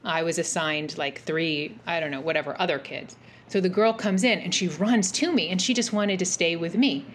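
A woman in her forties telling a personal story as a podcast guest, animated and rambling, with many fillers and restarts. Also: lowish voice, normal speed, a little hiss or hum. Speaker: podcast guest, mental health practitioner. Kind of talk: casual interview storytelling.

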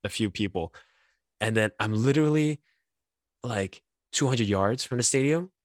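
A man telling a story in casual podcast chat, animated and laughing often. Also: medium pitch, moderate pace, no room sound, studio quality.

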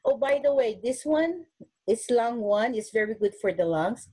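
A woman's voice: on the high side, expressive, moderate pace, warm tone, breathy edge, poor audio. A woman who is a nurse, speaking earnestly at a webinar and showing self-care techniques, often restarting her sentences. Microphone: webinar recording.

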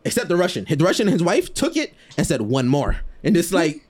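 Man, casual podcast storyteller, slangy and loose, a bit high-pitched, very lively melody, acts out quotes. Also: quick pace, breathy edge. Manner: animated, acts out quoted voices, laughs often; loose slang-heavy talk with frequent fillers. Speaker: podcast co-host telling a story.

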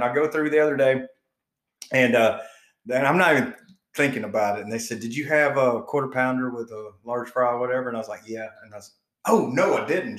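A man's voice: medium pitch, fairly bright tone. A man co-hosting a podcast, telling a long rambling story with lots of swearing and laughter. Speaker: podcast co-host. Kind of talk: casual storytelling chat. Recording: echoey room.

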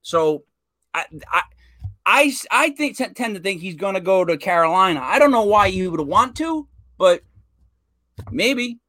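A male co-host in casual sports chat, opinionated and animated, with many fillers. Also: high-pitched, unhurried, no room sound. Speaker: podcast co-host.

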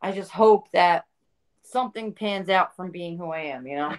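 A woman's voice: lowish voice, normal speed. A woman with a New York accent, a guest on a podcast, laid-back and laughing, calling people "man.". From New York tri-state area. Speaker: guest, wrestler. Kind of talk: casual interview chat.

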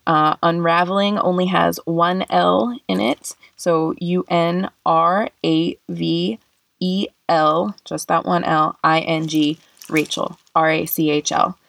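A woman's voice: lowish voice, steady tone, slow, vocal fry, a bit bright, dry recording. A young woman hosting a reflective solo podcast, speaking earnestly and emotionally, tearing up, with many fillers. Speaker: podcast host.

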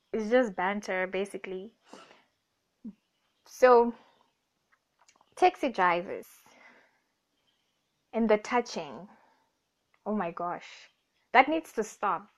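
A young woman hosts a casual, rambling podcast monologue. She self-corrects, jokes and laughs often. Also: a little high. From Namibia. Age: young adult. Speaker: podcast host. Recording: dull lo-fi recording.

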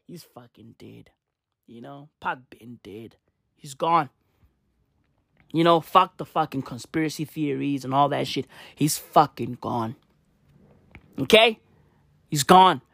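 A woman doing a profane comedic rant, full of slang, swinging from loud outbursts to low mutters. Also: slow pace, gravelly, long pauses, no room sound, studio quality. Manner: swears constantly, slangy, swings between shouting and muttering.

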